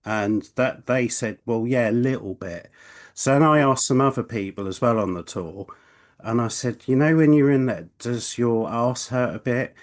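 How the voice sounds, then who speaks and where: A man's voice: medium pitch, moderate pace. Man telling a rambling anecdote. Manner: rambling storyteller, hesitant restarts. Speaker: podcast co-host. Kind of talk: casual chat, anecdote.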